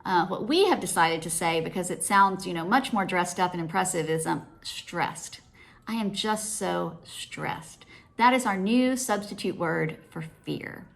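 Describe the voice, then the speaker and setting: A woman's voice: fairly low pitch, animated, normal speed, vocal fry, few pauses. A woman giving a casual devotional talk as a Christian speaker and teacher, conversational, acting out dialogue in quoted voices.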